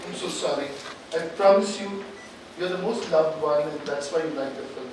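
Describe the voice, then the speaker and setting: High-pitched man working a conference crowd. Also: normal speed. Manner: energetic, coaxing, repeats phrases for emphasis. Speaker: motivational speaker addressing an audience. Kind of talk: live stage talk with audience interaction. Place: large conference hall. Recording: echoey hall, distant, background noise.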